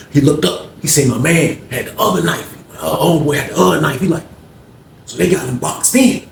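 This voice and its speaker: Animated man telling a street story, roomy. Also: fairly high pitch, brisk, gravelly. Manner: animated, profane street slang, addresses viewers directly. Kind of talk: casual storytime vlog.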